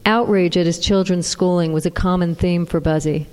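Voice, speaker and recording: A woman with a fairly low voice reads an audiobook in a steady, even way. Her voice rings out with a long reverb around it. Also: moderate pace, a little hiss or hum. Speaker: narrator. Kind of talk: audiobook narration.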